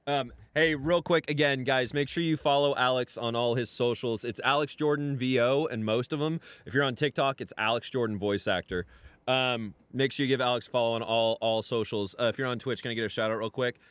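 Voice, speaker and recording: A man's voice: medium pitch, steady tone, brisk, a bit bright, smooth, dry recording. A man hosting a livestream, chatting casually, joking and swearing freely. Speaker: streamer host. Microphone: studio condenser.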